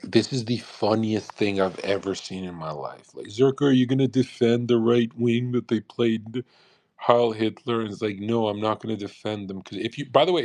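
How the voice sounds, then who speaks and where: A man's voice: mid-range voice, darkish tone. A young man ranting on a live audio stream, profane and sarcastic, speeding up in bursts and laughing at his own jokes.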